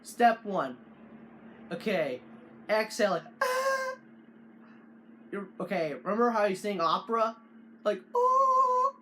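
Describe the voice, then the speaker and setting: A man hosting a casual how-to video, talking in halting bursts with frequent restarts and fillers. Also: high-pitched, lively intonation, a bit bright, slight background noise. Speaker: tutorial host.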